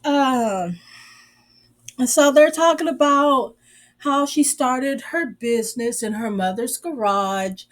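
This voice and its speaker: A woman giving a sassy, sarcastic recap of a show in a drawling, casual way. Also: high voice. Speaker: reviewer.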